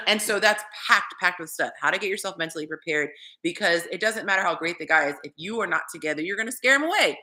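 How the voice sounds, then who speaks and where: A woman dating coach chatting casually on a livestream, animated and talking straight to her viewers. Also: fairly low pitch, quick pace.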